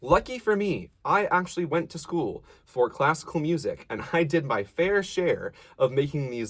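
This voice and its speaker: A man works as a voice teacher in this casual, encouraging lesson, walking through technique and pausing to demonstrate sounds and sung phrases. His slightly high voice is expressive, moving at a normal speed with few pauses.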